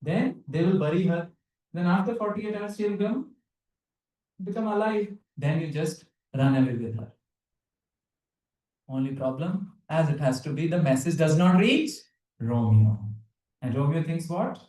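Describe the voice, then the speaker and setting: A man's voice: a little high, lively intonation, a little slow, long pauses, dark tone, distant mic. A man giving a devotional lecture, asking his audience questions and singing verses in between. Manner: explains with questions to the audience, sings Hindi verses. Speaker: preacher. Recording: very echoey hall, speaker off-mic.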